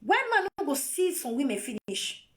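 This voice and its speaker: A woman's voice: high-pitched, big pitch swings, moderate pace. A Nigerian woman on a phone live video, lecturing her viewers in a scolding, repetitive way. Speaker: vlogger.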